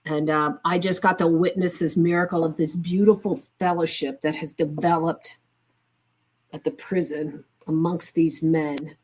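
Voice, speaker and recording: A woman's voice: low voice, fairly even intonation, a little slow, darkish tone, slightly rough. An older woman as a guest in conversation, telling an earnest, heartfelt story from her volunteer work. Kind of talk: casual conversation.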